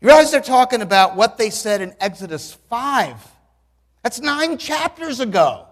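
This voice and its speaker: A man in his sixties preaching a sermon in a church, telling stories in an animated way with dry humor and bursts of loud exclamation. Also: extremely high pitch, a little slow, long reverb tail. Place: church sanctuary.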